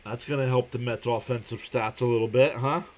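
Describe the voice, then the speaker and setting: A young man calls a baseball game live for his stream, reading out viewer comments between pitches. His voice sits at an ordinary middle pitch, and he laughs a lot as he talks. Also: fairly even intonation, brisk. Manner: laughs often while calling pitches and reading chat. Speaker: live stream play-by-play host. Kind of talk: casual live play-by-play commentary.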